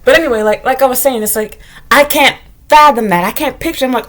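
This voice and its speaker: A woman's voice: high-pitched, quick pace, fairly bright tone. A woman from the United States, talking bluntly and profanely in a casual vlog monologue. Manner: blunt, profane, candid storytelling. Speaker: vlogger.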